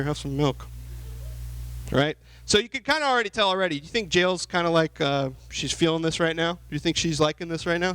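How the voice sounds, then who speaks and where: A young man giving a lively youth sermon, asking the audience questions and acting out the characters in the story. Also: a little high, no echo, rough recording. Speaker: youth pastor.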